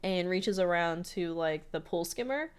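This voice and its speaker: A woman's voice: fairly low pitch, lively intonation, unhurried, clear, resonant tone. A woman co-hosting a podcast, chatting casually through an episode recap with lots of "like" fillers. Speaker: podcast co-host.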